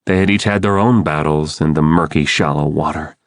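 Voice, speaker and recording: A man's voice: a bass voice, a little fast, no echo. A man giving urgent, dramatic first-person audiobook narration into a close studio mic.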